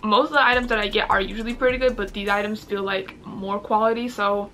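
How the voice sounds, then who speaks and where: A woman's voice: medium pitch, fairly even intonation, fast talker, sharp tone, distant mic. A young woman doing a fashion try-on haul, bubbly and gushing, with lots of "like" filler. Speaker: fashion vlogger.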